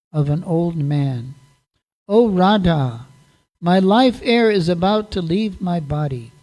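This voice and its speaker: A man gives voice to a desperate mother whose child has vanished, begging and near tears. She speaks slowly, with a mellow, soft tone, each plea drawn out as she tells this devotional story. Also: sits high, heavily acted, rough recording. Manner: pleading, tearful speech. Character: grieving mother pleading for her lost son.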